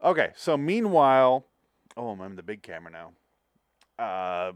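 A man's voice: mid-range voice, big pitch swings, unhurried, clean tone, dry recording. A man hosting a podcast, chatting casually about movies with rambling, profane, jokey talk. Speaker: podcast host. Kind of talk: casual movie review chat.

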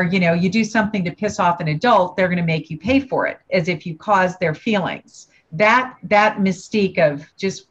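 Woman guest, low-pitched, lively storyteller who acts out the voices; muffled lo-fi recording. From United States. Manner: animated, acts out the voices in her stories. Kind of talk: personal storytelling in conversation. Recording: dull lo-fi sound.

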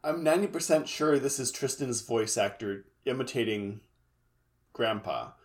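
A man co-hosting a casual podcast, recapping an episode in a relaxed, wry storytelling way. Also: medium pitch, moderate pace. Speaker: podcast co-host.

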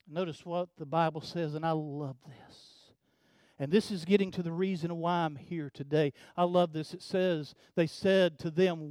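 An older man preaching a sermon, telling a family story in a folksy way, often repeating words and swinging from hushed to loud. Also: on the high side, normal speed, no room sound, clean studio sound. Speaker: pastor.

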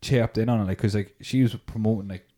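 A man's voice: fairly low pitch, fairly even intonation, fast, warm tone. A young man in casual podcast chat, rambling with many fillers. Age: young adult. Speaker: podcast host.

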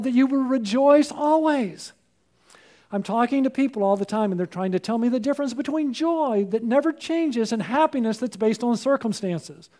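A man's voice: very high voice, a little mellow. A man preaching a sermon as pastor, emphatic and rising sharply when he urges, often asking the congregation call-and-response questions.

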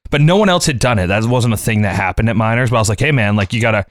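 A man's voice: fairly low pitch, racing, no echo, clean studio sound. A man in his late twenties or thirties on a casual podcast, telling a workplace story and acting out the dialogue with frequent laughs. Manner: animated anecdote teller, acts out dialogue, laughs often.

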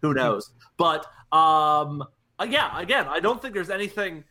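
Guy on a movie podcast, kinda high voice, lots of restarts and little laughs. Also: lively intonation, unhurried, pushed and bright. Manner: hesitant, many restarts, laughs often. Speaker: podcast co-host. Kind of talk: casual film discussion.

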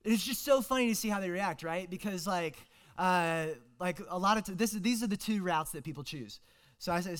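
A man's voice: high voice, a little fast, fairly bright tone. A young man, preaching a casual, joking sermon as a guest preacher, full of fillers and restarts.

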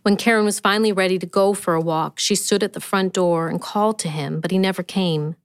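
A woman, the author, reading her own short story aloud in a steady, measured way. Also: mid-range voice, smooth, dry recording. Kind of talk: scripted narration.

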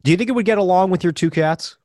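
A man's voice: sits high, fast talker, a little mellow, dry recording, clean studio sound. A man co-hosting a podcast, bantering in a playful, teasing way. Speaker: podcast co-host. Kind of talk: casual comedic chat.

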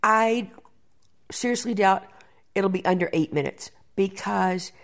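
A woman producer in an interview, telling backstage stories in a lively way and often repeating words as she thinks. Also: medium pitch, a little slow. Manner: animated storyteller, repeats words while thinking. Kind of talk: interview conversation.

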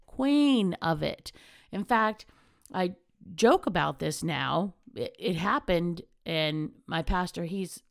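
A woman's voice: lowish voice, creaky, a little mellow, dry recording, clean studio sound. A middle-aged woman, hosting a casual motivational monologue as a chatty, candid, self-mocking storyteller. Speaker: podcast host.

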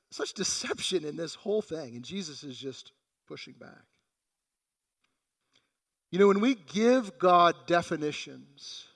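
A man's voice: on the high side, a bit bright, big-room sound. A man preaching a sermon in a conversational way, acting out the quoted voices in the passage. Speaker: pastor.

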